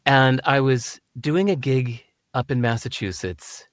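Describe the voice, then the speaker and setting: A man being interviewed who tells stories in an animated way and acts out the voices. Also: mid-range voice, measured pace, dry recording, clean studio sound. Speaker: guest. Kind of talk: conversational interview, storytelling.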